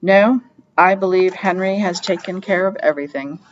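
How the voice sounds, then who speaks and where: A woman's voice: fairly low pitch, normal speed, dull audio, a little hiss or hum, close to an everyday voice. Cold young royal traitor, read by a woman. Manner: cold with a slight tremor.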